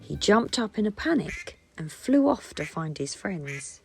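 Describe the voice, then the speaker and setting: A woman reading a children's picture book aloud in an expressive storytelling voice. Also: medium pitch, a little slow, creaky, breathy edge, soft background music. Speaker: storybook reader.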